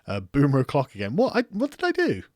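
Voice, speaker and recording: A man's voice: fairly high pitch, wildly swooping pitch, quick pace, dry recording, clean studio sound. Rambling English man reading chat comments. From England. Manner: rambling, laughs often, swears freely, self-mocking. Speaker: political commentary streamer. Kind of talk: casual livestream chat reading viewer comments.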